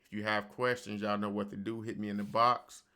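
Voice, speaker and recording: Brisk and level, with a lowish, sharp-toned voice, a man walks viewers through software in a casual screen recording from his home studio. His delivery is loose and chatty, he says "y'all" to the audience, and he uses a studio microphone.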